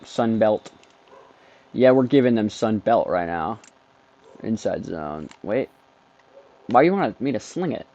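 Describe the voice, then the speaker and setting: A man doing let's-play commentary on a football video game, excitable, trash-talking the game and bursting into shouts. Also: lowish voice, measured pace, long pauses. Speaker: gaming streamer. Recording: dull lo-fi dry mic.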